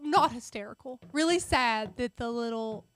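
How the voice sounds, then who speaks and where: A woman's voice: fairly high pitch, moderate pace, fairly bright tone. A woman co-hosting a craft video, chatting casually and chiming in often. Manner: talkative, chimes in often. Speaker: craft channel co-host. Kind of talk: casual chat.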